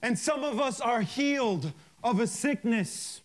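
A male minister preaching a sermon, reading scripture verse by verse with emphatic pauses and fervent interjections of hallelujah and praise. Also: very high-pitched, animated.

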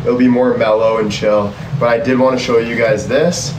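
A man's voice: mid-range voice, fairly even intonation, normal speed, noisy background. Upbeat man live-streaming from a phone. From Canada. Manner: upbeat, addresses viewers directly, reads out chat. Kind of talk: casual live-stream chat. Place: outdoors by the sea. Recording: echoey and distant with loud ambience.

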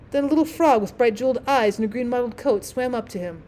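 A woman teacher reads a classic short story aloud, shaping each sentence with storytelling expression. Her voice sits a little high. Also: lively intonation, quick pace, hardly any pauses, warm tone. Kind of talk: audiobook story reading.

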